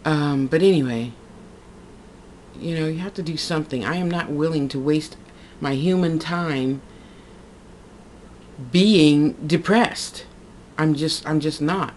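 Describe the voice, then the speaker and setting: A woman's voice: sits low, slow, long pauses, a little mellow, slight background noise. A woman talking to her camera in a casual, heartfelt vlog monologue, rambling and repeating herself as she goes. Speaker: vlogger.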